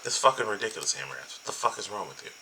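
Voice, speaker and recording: A man's voice: on the low side, lively intonation, rapid-fire, gravelly, pushed and bright, a little hiss or hum, low-quality recording. A man hosting reaction commentary, incredulous, emphatic and full of swearing. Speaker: commentary host.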